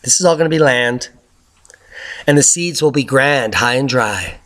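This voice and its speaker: A man hosting a news update, giving casual commentary over clips in an excitable, sarcastic way with sudden loud outbursts. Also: mid-range voice, moderate pace. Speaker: host of a news update channel.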